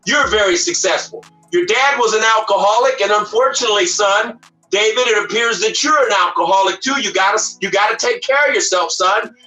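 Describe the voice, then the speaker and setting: A man voicing a gentle older mother who pleads with her son tenderly. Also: high-pitched, fairly quick. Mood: pleading. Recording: echoey room, far from mic, faint music.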